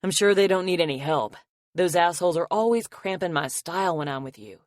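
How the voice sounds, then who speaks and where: A woman voicing a protective, possessive young man who curses casually and grumbles low. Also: fairly quick, dry recording, studio quality, close to an everyday voice. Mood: grumbling. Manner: gruff, curses casually, drops his voice low.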